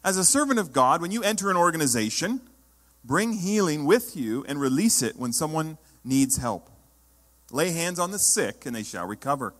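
A man's voice: fairly high pitch, very animated, moderate pace. Emphatic preaching man in reverberant hall. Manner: emphatic, rising to loud exhortation. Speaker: pastor. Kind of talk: sermon.

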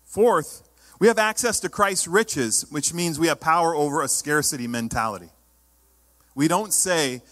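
A man preaching a sermon as pastor, emphatic, sometimes rising to loud exhortation. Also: a little high, lively intonation, normal speed, in a large hall.

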